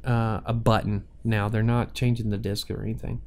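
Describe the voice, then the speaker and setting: A man's voice: lowish voice, level tone, normal speed, a little mellow. Chatty man telling stories, laughing. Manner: chatty storyteller who laughs often. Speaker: podcast co-host. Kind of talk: casual chat.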